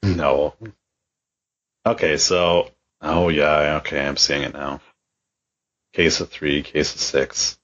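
A man's voice: a bass voice, level tone, slow pace, pauses often, fairly bright tone, dull audio. A man co-hosting a podcast, chatting casually and bluntly with a lot of swearing. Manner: profane, blunt. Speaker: podcast co-host.

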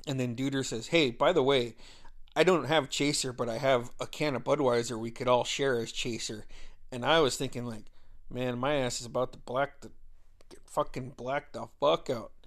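A man's voice: mid-range voice, steady tone, normal speed. A man in his thirties casually telling a long personal story, swearing heavily and laughing often as he talks.

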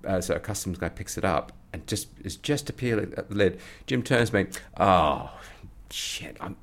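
A man with a very low, deep voice tells a story to an interviewer. He gets animated, his voice rising as he acts out the people in it. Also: a little fast, creaky. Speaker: comedy performer and guest. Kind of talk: anecdotal storytelling.

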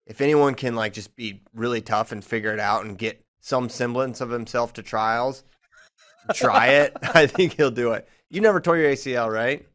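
A man co-hosting a talk show in relaxed chat. He teases and jokes through his banter. His voice sits at an ordinary middle pitch. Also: moderate pace, vocal fry. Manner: teasing, joking banter. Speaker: co-host of a wrestling show. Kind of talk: casual chat.

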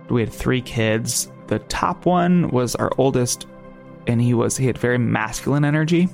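A man with a New Jersey accent tells a story in a loose, rambling way, stopping and restarting often. His voice has a gravelly edge. Faint music plays underneath. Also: mid-range voice, normal speed, darkish tone. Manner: rambling, many fillers and restarts. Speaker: podcast guest. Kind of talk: casual storytelling.

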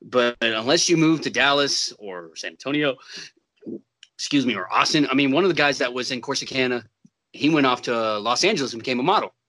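A man in a casual chat who laughs often and drops swear words into drawn-out asides. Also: medium pitch, lively intonation, sharp tone.

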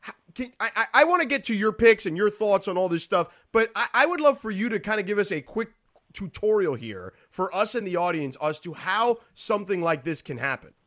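A man hosting a sports talk show, talking in a lively, animated way with a voice that sits on the higher side. His delivery is casual and quick, full of asides. The sound is dry and close. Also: no echo.

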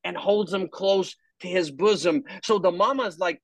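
A man speaking as an interview guest about his faith, talking in an animated, rambling way with many restarts. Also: sits high, moderate pace, no room sound. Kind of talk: faith testimony in conversation.

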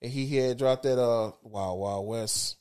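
A man with a Southern US accent co-hosting a casual podcast, profane and animated, acting out imagined quotes. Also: medium pitch, a little slow, clear, resonant tone. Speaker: podcast co-host. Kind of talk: casual chat.

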